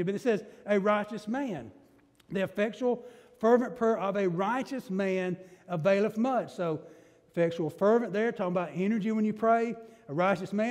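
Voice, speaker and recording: A man's voice: sits high, darkish tone. A man preaching a sermon as pastor, emphatic, with rising bursts and rhetorical questions to the congregation. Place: church sanctuary. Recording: long church reverb.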